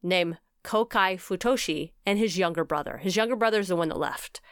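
A woman co-hosting a podcast in casual chat, animated and chatty, often ending her sentences with "okay?". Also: lowish voice, fairly quick, clear, resonant tone, no room sound, clean studio sound. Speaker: podcast co-host.

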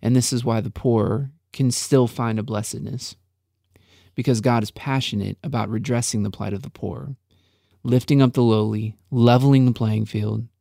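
Man, mid-pitch, gravelly, earnest faith-podcast co-host. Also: fairly even intonation, moderate pace, mellow, no room sound, studio quality. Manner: earnest, preacher-like emphasis. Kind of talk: reflective faith podcast talk.

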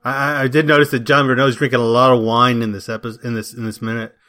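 Brief: male podcast co-host, bright tense voice, playful and argumentative. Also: medium pitch, level tone, fast talker. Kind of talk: casual podcast chat.

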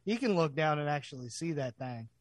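A man co-hosting a podcast, joking in casual banter with quick agreeing asides. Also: fairly high pitch, animated, a little hiss or hum. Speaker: podcast co-host.

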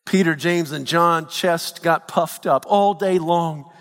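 A man preaching a sermon in a church, swinging between shouted peaks and hushed low lines. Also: slow pace, long reverb tail. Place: church sanctuary.

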